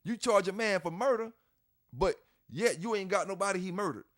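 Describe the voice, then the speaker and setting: A man's voice: sits high, brisk, a bit bright. A man hosting his channel, giving fired-up, blunt commentary that swears, repeats points and laughs scornfully. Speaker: channel host. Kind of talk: ranting commentary to camera.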